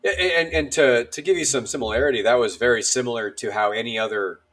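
Quick-paced and medium-pitched, a thirtysomething man who served in the army tells casual stories as a guest. His delivery is lively, full of fillers, as he performs what each person said.

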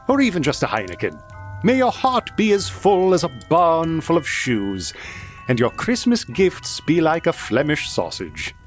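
A man narrating a scripted, mock-grand outro to a show. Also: on the high side.

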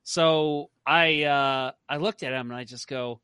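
A man hosting a hockey podcast, telling stories in a casual, animated way and laughing often. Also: fairly high pitch, unhurried, clear, resonant tone, no echo. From St. Louis area. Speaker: podcast host. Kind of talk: casual chat.

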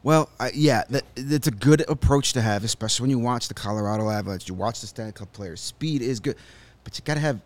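A man of middling pitch co-hosting a sports talk show in a studio. He gives firm opinions and drops jokes and asides as he goes. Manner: opinionated, joking, quick asides. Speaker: sports podcast co-host. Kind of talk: casual sports chat.

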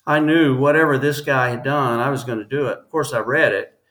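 A man, a guest on an interview podcast, telling a personal story in an earnest, halting way with many restarts. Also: mid-range voice, steady tone, fairly bright tone.

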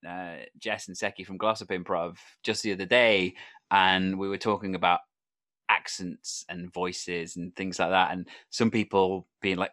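A man hosting a podcast interview, chatting casually and chuckling often in a relaxed, supportive way. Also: low-pitched, normal speed, no room sound, studio quality. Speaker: podcast host.

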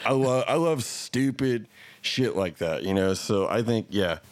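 A man's voice: lowish voice, lively intonation, measured pace, no echo. A man co-hosting a movie podcast, talking casually and enthusiastically, with frequent laughs and swearing. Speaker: podcast co-host.

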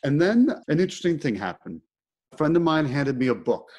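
A man's voice: a little high, sing-song, brisk, a little mellow. A middle-aged man hosting a podcast, telling a personal story in casual conversation and acting out his own thoughts with animation. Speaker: podcast host.

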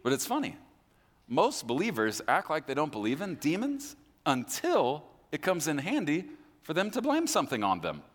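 A man's voice: on the high side, wildly swooping pitch, normal speed. A man pastor giving a conversational sermon, acting out listeners' voices, recorded live in a church hall. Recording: live hall with long reverb.

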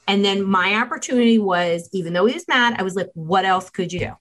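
A woman's voice: medium pitch, a little fast, few pauses. A middle-aged woman, a child mental health expert, talking in a podcast interview and acting out family conversations as she tells them. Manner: animated storytelling, acting out dialogue.

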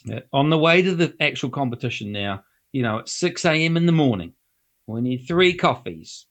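A man's voice: fairly high pitch, expressive, brisk. A man with a New Zealand accent telling funny anecdotes in casual chat, laughing often and acting out other people's lines. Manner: laughs often while telling anecdotes, acts out voices in quotes.

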